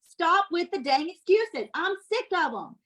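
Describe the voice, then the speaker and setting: A woman's voice: very high-pitched, big pitch swings, measured pace, fairly bright tone, low-quality recording. A woman leading her sales team with a blunt, scolding and motivational manner, talking directly to her listeners. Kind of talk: motivational sales coaching talk.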